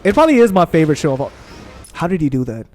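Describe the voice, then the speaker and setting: A young man casually commentating his gameplay, excitable and profane, trash-talking enemies on screen. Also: on the high side, racing, faint music behind. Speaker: gaming channel host.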